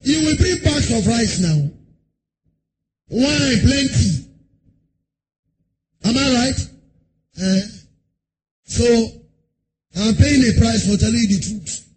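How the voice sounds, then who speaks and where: A male pastor giving a sermon in a church service, chanting lines in a sing-song way, breaking into shouts and firing rhetorical questions at the congregation. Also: extremely high pitch, animated, slow, long pauses, breathy edge. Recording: noisy live sermon recording.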